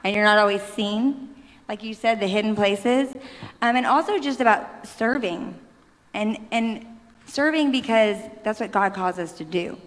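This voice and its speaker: A woman's voice: mid-range voice, measured pace. A woman in her thirties sharing a heartfelt, rambling faith testimony on stage, often restarting her sentences. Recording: long hall reverb.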